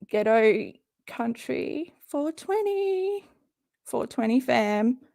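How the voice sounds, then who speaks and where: A woman's voice: mid-range voice, gravelly, no room sound, studio quality. A woman chatting loosely while reacting live to a stream, rambling, swearing and cutting herself off. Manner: swearing, rambling, self-interrupting, laughing. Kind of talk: casual live reaction commentary.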